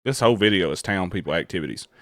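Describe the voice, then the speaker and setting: A man's voice: low voice, lively intonation, rapid-fire, fairly bright tone, no room sound, studio quality. A man with a Southern American accent, riffing profanely and laughing as he reacts to a video for his viewers. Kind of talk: casual reaction commentary.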